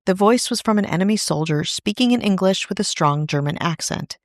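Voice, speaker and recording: Podcast host, woman, scripted history narration, mid-pitch, casual asides, dry booth. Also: lively intonation, brisk, hardly any pauses, no room sound. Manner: conversational asides in a storytelling read.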